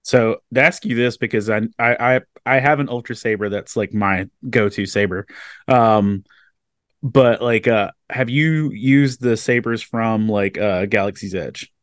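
A man hosting a podcast interview, chatting casually and telling stories with animated energy. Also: fairly low pitch, measured pace, no echo, studio quality. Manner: animated storyteller, casual and excitable. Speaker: podcast host.

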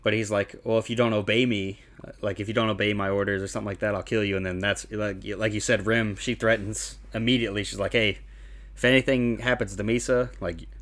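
A man casually chatting on a podcast, calmly summarizing plot points with plenty of uhs and likes. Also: lowish voice, fast. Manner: relaxed, plot-summarizing with lots of fillers. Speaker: podcast co-host. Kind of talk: casual chat recapping an anime.

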